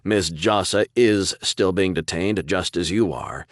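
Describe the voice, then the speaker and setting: A man's voice: low voice, no room sound, clean studio sound. A man voicing a composed elderly male interrogator who speaks plainly and evenly. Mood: cool measured. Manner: plain, measured.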